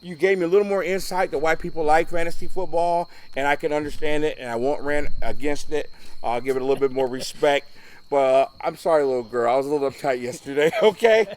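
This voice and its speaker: A man's voice: a little high, fast, smooth. A man co-hosting a casual local football show, ranting bluntly and driving his points home with "okay?". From Ohio, USA. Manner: blunt, emphatic, repeats "okay?" for emphasis. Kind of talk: casual rant.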